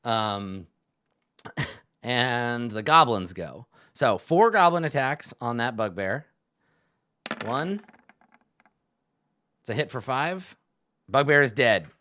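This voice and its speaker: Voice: medium pitch, expressive, slow, long pauses, a bit bright. A game master narrating a tabletop game in a rambling way, full of fillers.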